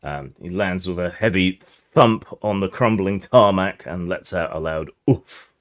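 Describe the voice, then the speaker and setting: Low-voiced guy gm describing scenes, easygoing, lots of ums. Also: a little slow. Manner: relaxed, descriptive, many fillers. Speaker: game master. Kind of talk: narrating a tabletop game.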